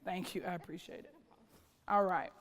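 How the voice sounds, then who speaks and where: A woman's voice: on the low side, steady tone, moderate pace, slight background noise. Dramatic woman giving a keynote. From North Carolina. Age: late 30s. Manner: dramatic, strings of rhetorical questions, shifting pace. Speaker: keynote speaker, school principal. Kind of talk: keynote speech. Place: large conference hall. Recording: reverberant hall.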